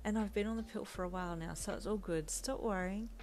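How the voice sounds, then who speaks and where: A woman reading a fan audio story and voicing a playful young woman who sounds breathy and affectionate. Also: mid-range voice, quick pace, a little mellow, voice pushed up, natural voice. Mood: breathless.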